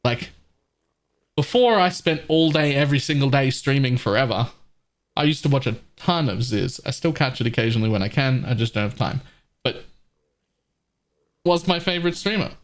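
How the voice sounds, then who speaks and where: A man's voice: medium pitch, lively intonation, moderate pace, long pauses. A man streaming a game live, chatting casually with his viewers, laughing often and restarting his phrases.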